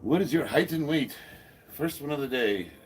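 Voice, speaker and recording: A man over fifty, a powerlifter, chatting casually on a live stream and reading viewer comments aloud in a relaxed way. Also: mid-range voice, normal speed, a little hiss or hum. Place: home gym, indoors.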